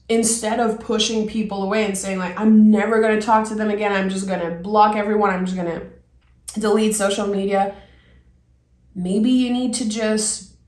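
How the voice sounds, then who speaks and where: A woman giving a reflective tarot reading, gently encouraging and thinking aloud as she turns the cards. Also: medium pitch. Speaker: tarot reader. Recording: roomy echo.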